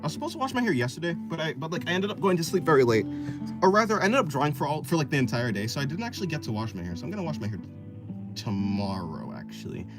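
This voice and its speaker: Rambling young man with lively pitch. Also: very fast. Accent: General American. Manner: rambling, many "like" fillers and restarts, explaining at length. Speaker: art streamer. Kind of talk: casual chat while drawing. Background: guitar music.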